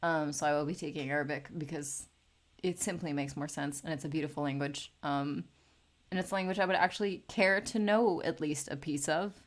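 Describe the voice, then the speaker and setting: A woman's voice: low-pitched, fairly quick. A woman in her late twenties chatting casually and rambling as she draws on a live stream, swearing freely. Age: late 20s. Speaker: art streamer. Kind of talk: casual chat while drawing.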